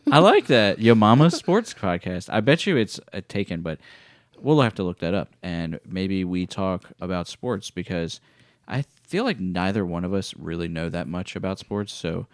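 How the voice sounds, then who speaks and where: A man's voice: sits low, animated, normal speed, dry recording, clean studio sound. A man co-hosting a podcast, bantering casually and teasing his partner in a playful way. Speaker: podcast co-host. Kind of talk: casual chat.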